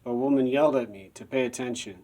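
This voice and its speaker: A man's voice: medium pitch, fast, dark tone. A man telling a personal story in a rambling, repetitive monologue.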